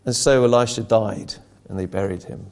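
A man's voice: lowish voice, normal speed, vocal fry. A male preacher giving a conversational sermon that retells a story and asks earnest rhetorical questions.

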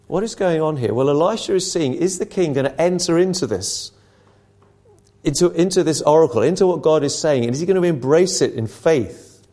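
A man's voice: on the high side, animated, a little fast, warm tone. A male preacher giving a conversational sermon that retells a story and asks earnest rhetorical questions.

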